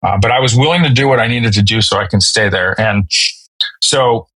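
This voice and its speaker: A man in his thirties, a podcast guest telling a personal story in a halting, emotional way with many fillers and restarts. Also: on the low side, pushed and bright, slightly rough, dry recording, rough recording. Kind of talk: candid storytelling.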